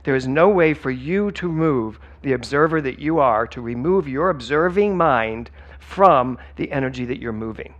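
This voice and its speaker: A man's voice: mid-range voice, lively intonation, moderate pace, few pauses, a bit bright, muffled recording. A man giving a sermon as a spiritual director, emphatic and conversational, talking straight to the congregation. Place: church sanctuary.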